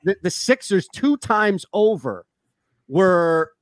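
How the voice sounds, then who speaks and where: A man co-hosting a sports radio show, telling long, animated stories in casual talk. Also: sits high, slow pace, no echo. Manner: rambling, animated storyteller.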